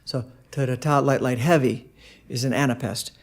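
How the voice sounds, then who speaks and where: A man with a slightly high voice teaches a songwriting lesson in a casual, unscripted way. He pauses often on fillers and sounds out rhythms in short syllables as he explains. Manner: halting delivery with many fillers, tapping out rhythms by voice.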